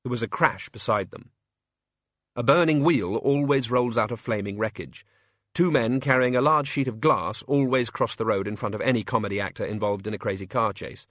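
A man's voice: medium pitch, normal speed, a bit bright, no room sound. A man reading a story aloud with dry, wry narration. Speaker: audiobook narrator. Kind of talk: scripted narration.

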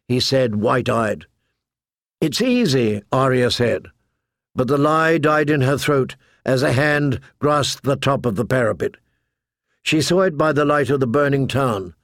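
A man narrating a story in a measured, deliberate way into a close studio mic. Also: mid-range voice, no room sound. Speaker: audiobook narrator. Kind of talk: scripted narration.

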